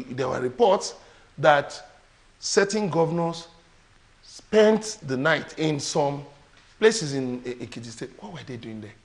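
Emphatic Nigerian man on a TV panel. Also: a little high. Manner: emphatic, rhetorical questions. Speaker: panel guest. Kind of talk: TV panel discussion.

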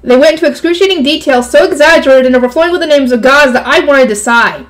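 A woman reads a light novel aloud for her channel in a high voice. She keeps stopping to react to the story with exclamations, groans and quick comments. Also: rough recording.

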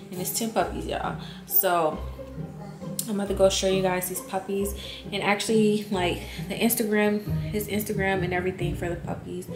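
A woman's voice: mid-range voice, reverberant. A young woman, chatting casually to her viewers in a vlog and sounding a little out of breath. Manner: chatty, addresses viewers as y'all. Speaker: vlogger. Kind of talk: casual vlog talk to camera.

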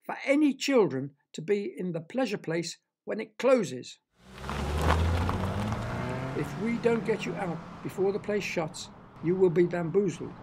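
A man voicing Charlie, a bossy, anxious park keeper in a children's audio story, speaking loudly and urgently. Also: on the high side, lively intonation, a little fast, hardly any pauses, over music, close to an everyday voice. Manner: loud, flustered, urgent.

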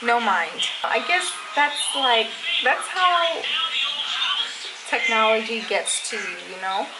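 A woman's voice: fairly high pitch, big pitch swings, slow pace, loud music behind the voice, poor audio. A young woman from New City, chatting candidly to viewers in a casual vlog. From New York City. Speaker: vlogger. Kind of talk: casual vlog chat to camera. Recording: loud background noise, handheld vlog.

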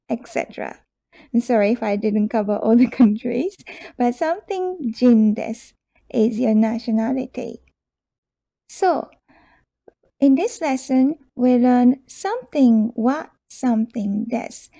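A Japanese-accented woman teaching beginners, speaking at an unhurried pace and saying each phrase twice so learners can follow. Her voice is very dark and mellow, sitting a touch higher than most women's, and the recording is close and dry. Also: vocal fry, dry recording. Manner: slow and careful, repeating each phrase for learners. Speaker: language teacher. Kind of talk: beginner language lesson.

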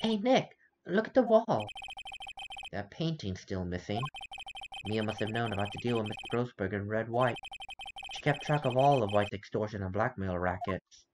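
A man's voice: fairly low pitch, normal speed, slight background noise. A man casually commenting on a game playthrough and reading its lines, wry and self-mocking. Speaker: let's play host.

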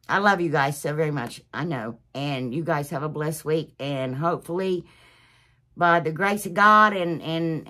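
Deep-ish voiced lady chatting to her viewers, rambly and gushy, goes all whispery now and then. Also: sharp tone. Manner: gushing, rambling, emotional. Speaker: DIY channel host. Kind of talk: casual chat to viewers.

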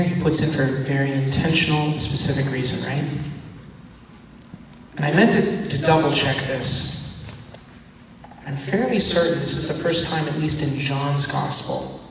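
A priest giving a teaching talk, animated and acting out the voices of the people in his story. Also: fairly high pitch, a little hiss or hum. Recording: echoey church hall from far off.

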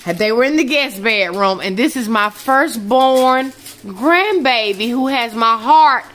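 A woman's voice: fairly high pitch, lively intonation, slow, fairly bright tone. An older woman, a grandmother chatting animatedly and teasing her family in a casual home vlog. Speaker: vlogger and grandmother.

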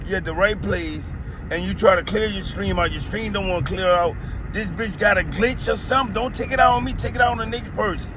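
A man with a Southern US accent delivers a heated, profane rant into his phone, his voice pitched high and keyed up. He repeats himself as he vents about his delivery job. Loud outdoor traffic noise runs behind him. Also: fast talker. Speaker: delivery driver vlogger. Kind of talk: angry rant to camera. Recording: noisy outdoor traffic background.

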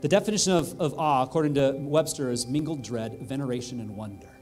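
A male pastor preaching a sermon in a church, earnest and heartfelt, building to excited emphasis. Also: medium pitch, fast talker, soft background music. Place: church sanctuary.

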